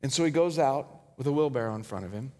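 A male pastor preaching a sermon, telling a story with dramatic swings between loud and hushed delivery. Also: mid-range voice, animated, quick pace. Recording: hall reverb.

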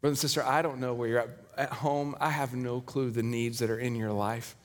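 A male pastor preaching a sermon, telling a story with dramatic swings between loud and hushed delivery. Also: mid-range voice, little pitch movement, fairly quick. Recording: hall reverb.

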